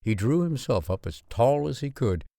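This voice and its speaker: Expressive male storybook narrator. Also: medium pitch, moderate pace, vocal fry, dry recording, clean studio sound. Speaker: audiobook narrator.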